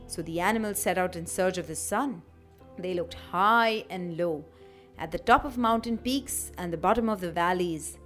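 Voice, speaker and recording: Expressive woman telling a children's story. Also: on the low side, moderate pace. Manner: expressive, warmly animated storytelling. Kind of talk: scripted narration for children. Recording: faint background music.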